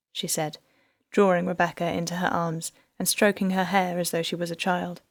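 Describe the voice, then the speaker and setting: Low-voiced woman narrating an audiobook. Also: dry recording, studio quality. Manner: soft, measured, lowered narration between dialogue.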